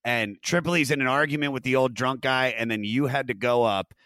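A man of middle pitch hosts a podcast in a loose, casual chat. His voice sounds dry and close to the mic. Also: brisk, bright, forceful tone, no echo. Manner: loose, swearing. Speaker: podcast host.

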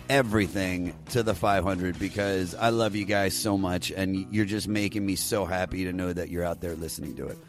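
Excitable podcast host, man. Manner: enthusiastic, swearing, pitch swings loudly. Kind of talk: casual podcast intro.

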